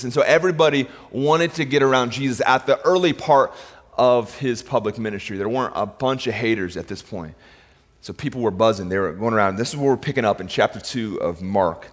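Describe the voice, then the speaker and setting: A male pastor preaching a sermon in a relaxed, conversational way, often repeating words as he thinks aloud. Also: mid-range voice, fairly quick. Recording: long reverb of a large hall.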